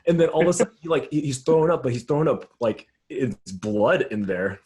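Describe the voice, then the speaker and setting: A man's voice: medium pitch, lively intonation, fast, hardly any pauses, darkish tone. A young adult man, a youth pastor, telling a story in a casual round-table chat, acting out the dialogue and laughing often.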